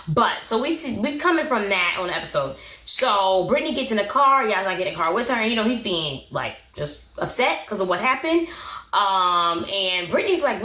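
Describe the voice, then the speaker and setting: A sassy, opinionated woman rattles through a casual reality-TV recap and scolds the people in it as she goes. Her voice sits at an ordinary pitch in a roomy, echoey space. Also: big pitch swings, normal speed, sharp tone. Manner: opinionated, sassy, talks back at the show. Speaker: recap vlogger. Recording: roomy echo.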